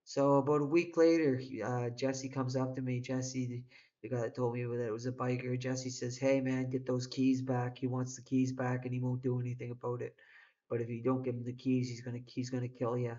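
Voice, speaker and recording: A man's voice: medium pitch, monotone, a little fast, warm tone, dull audio. A man telling a personal story in a rambling, profane way, full of restarts and swearing. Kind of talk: casual spoken storytelling.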